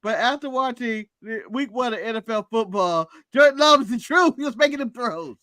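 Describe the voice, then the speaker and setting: Very high-voiced, bright American man. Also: no room sound, studio quality. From United States. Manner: laughs often, playful, does quick mock voices. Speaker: podcast co-host. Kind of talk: casual wrestling recap chat.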